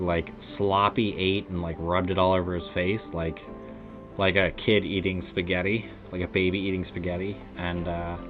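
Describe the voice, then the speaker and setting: An American man streaming, telling a rambling casual story full of "like" and "uh" fillers. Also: deep voice. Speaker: game streamer. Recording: tinny phone-like sound with faint music behind.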